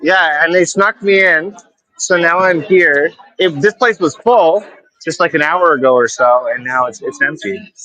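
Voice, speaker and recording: A man's voice: on the high side, unhurried, bright, forceful tone, no room sound, poor audio. A man calling in to a livestream from an event, offhand and dryly funny. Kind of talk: casual remote call-in chat.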